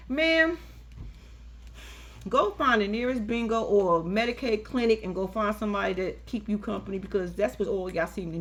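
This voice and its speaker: A woman giving casual, profane, sassy commentary recapping a reality TV episode, acting out the people in it. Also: high voice. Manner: sassy, profane, animated storytelling.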